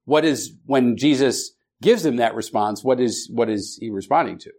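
Man teaching a Bible class, halting. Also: medium pitch, a little mellow. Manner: halting, with many restarts and fillers; asks the class questions, calls on students.

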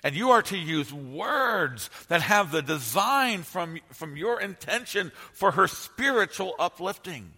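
A male pastor delivers an impassioned sermon, pressing his points with surging emphasis. His voice is bright and forceful, pitched somewhat high for a man. It rings out with the long reverb of a large church sanctuary. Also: big pitch swings, unhurried, hardly any pauses, slightly rough. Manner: impassioned and emphatic, with bursts of rising intensity.

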